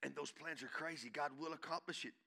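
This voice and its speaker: A male pastor preaching a sermon, swinging from shouting to hushed intensity and calling out to the congregation. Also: a little high, quick pace, gravelly. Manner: calls out to the congregation.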